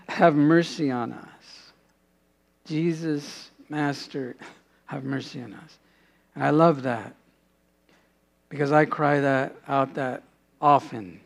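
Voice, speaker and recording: A man preaching a sermon, earnest, dropping to a hushed voice in prayerful moments. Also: on the high side. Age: adult, father has passed away. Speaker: pastor.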